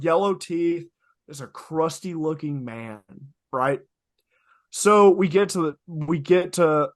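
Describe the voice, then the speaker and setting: A young man co-hosting a podcast, telling stories in an animated, emphatic way, swearing freely and repeating lines for effect. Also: mid-range voice, dry recording, clean studio sound. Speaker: podcast co-host. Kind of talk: casual podcast storytelling.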